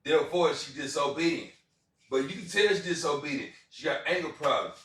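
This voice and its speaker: A man's voice: on the high side, a little fast, a bit bright. A man preaching informally about scripture, rambling with lots of repeats and fillers. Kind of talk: casual street sermon. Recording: very echoey, from far off.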